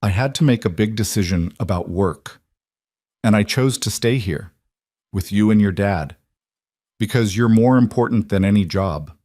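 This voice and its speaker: Brief: a tender, steady businesswoman from a storybook, voiced by a low-voiced man. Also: normal speed, dry recording, studio quality, close to an everyday voice. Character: caring young adult businesswoman, gentle and steady. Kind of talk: storybook reading.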